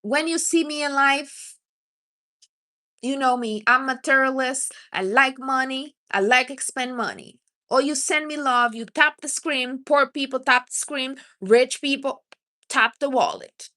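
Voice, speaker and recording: Bright-voiced woman giving blunt advice. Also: sits high, measured pace. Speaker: livestream host. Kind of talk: casual livestream chat.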